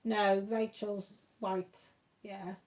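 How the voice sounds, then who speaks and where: A woman's voice: mid-range voice, little pitch movement, very slow. A woman chatting casually to viewers by name on a crafting live stream at home, rambling from one thing to the next.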